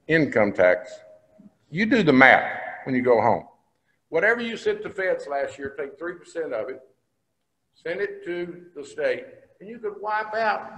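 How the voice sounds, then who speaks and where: A man's voice: on the high side, fairly bright tone. Folksy older man speaking in a hall. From Texas. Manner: folksy storytelling, plain-spoken. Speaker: state senator. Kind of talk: speech to a business breakfast. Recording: long hall reverb.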